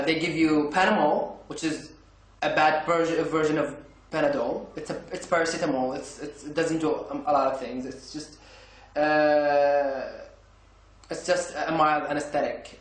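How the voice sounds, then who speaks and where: A man tells a story to camera in a casual vlog, his voice sitting a little high. He rambles, stumbling and restarting his phrases. The room around him rings with noticeable echo. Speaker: vlogger.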